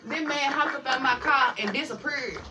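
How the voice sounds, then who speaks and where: A woman's voice: sits high, moderate pace, very noisy. A woman with a Memphis Southern accent, telling a story casually at a family gathering and acting out the voices she quotes. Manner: animated, acts out quoted voices. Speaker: storyteller guest. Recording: distant mic, crowd chatter behind.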